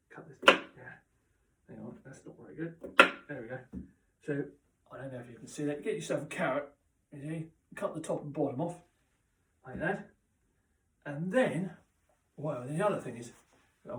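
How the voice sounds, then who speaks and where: A man rambles through a deadpan comic monologue, stumbling and circling back as he goes. His voice sits slightly high and comes from a little way off the mic, with a roomy echo around it. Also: far from the mic. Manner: rambling, halting, full of restarts and asides. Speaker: comic character host. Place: chilly indoor room.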